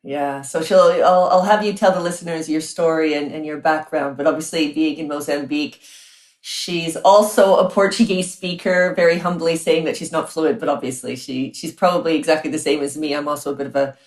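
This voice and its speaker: A woman's voice: low-pitched, fairly even intonation, fairly quick, roomy sound. A woman with a North American accent hosting a podcast interview, chatty and effusive, with frequent restarts. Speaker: podcast host.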